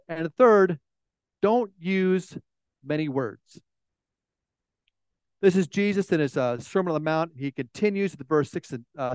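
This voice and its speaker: A man preaches a sermon to a room full of listeners. His voice sits a little high, and he tells stories in an animated way, restarting his phrases as he goes. The recording is close and dry. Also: clean tone, no echo. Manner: animated storytelling with frequent restarts. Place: room with an audience.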